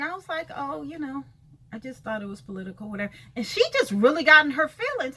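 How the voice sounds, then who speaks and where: A woman's voice: high-pitched, big pitch swings, fast, bright, forceful tone. A woman venting in a casual video rant, blunt and sassy, cursing freely and talking straight to people she calls out. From California. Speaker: vlogger.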